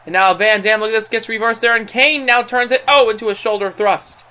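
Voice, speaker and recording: Acting as a gaming channel host, a young man provides excited, announcer-style wrestling commentary over a video game. He speaks fairly quickly in a high-pitched voice, with plenty of fillers and self-corrections.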